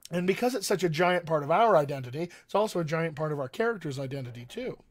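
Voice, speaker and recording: American man, dialect coach on a livestream, earnest and emphatic, slightly higher voice, repeats his points. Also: expressive, fast. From United States. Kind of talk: livestream teaching talk.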